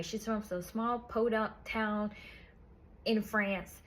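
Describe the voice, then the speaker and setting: A woman's voice: medium pitch, fairly even intonation, slow. A woman in a casual book review chat, retelling the story in a chatty, profane way with lots of "like".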